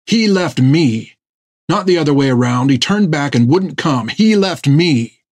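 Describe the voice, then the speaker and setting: A man's voice: medium pitch, lively intonation, measured pace, a little mellow, breathy edge, no room sound. A man voicing a young woman ship captain, defensive and pleading. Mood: defiant.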